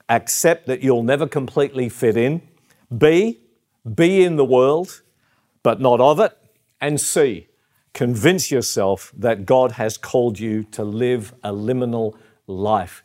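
A man's voice: mid-range voice, a little mellow. A middle-aged Australian man preaching a sermon, earnest and personal, with fillers and repeated phrases. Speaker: pastor.

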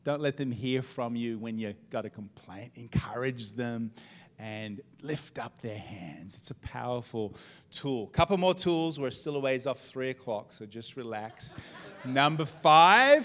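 A middle-aged man preaching a sermon as pastor, telling humorous stories with lively swings in his voice. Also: a little slow. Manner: humorous storytelling, animated pitch swings.

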